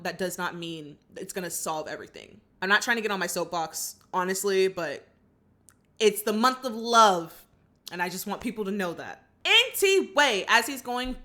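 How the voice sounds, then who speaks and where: Woman host, chatty film recap, bright voice, acts out lines. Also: mid-range voice. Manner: animated, acts out characters' lines; opinionated, chatty. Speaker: channel host. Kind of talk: casual movie reaction recap.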